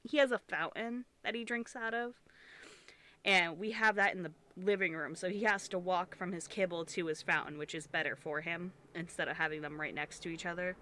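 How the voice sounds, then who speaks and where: A woman's voice: lowish voice, fairly even intonation, moderate pace, bright, forceful tone. A young woman streamer, congested and sniffling, chatting casually and rambling while she crochets, swearing freely and restarting her sentences.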